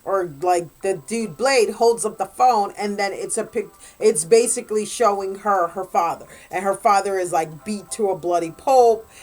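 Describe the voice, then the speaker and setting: A woman of middle pitch chats her way through a book's plot as a guest reviewer. She rambles loosely and leans on filler words. Faint music plays softly behind her. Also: moderate pace, few pauses. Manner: rambling retelling full of "like" and "blah, blah". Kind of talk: casual spoken book recap.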